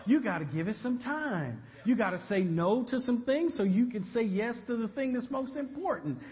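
A male pastor preaching a sermon, animated and humorous, building to shouts. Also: very high voice, normal speed, in a large hall, highs cut off.

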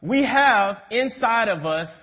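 A man's voice: high voice, expressive, takes it slowly. A young man preaching a casual sermon, telling stories and checking in with his listeners. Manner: storytelling, checks in with "right?". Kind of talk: conversational sermon. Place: church sanctuary. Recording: dull sound with long church reverb.

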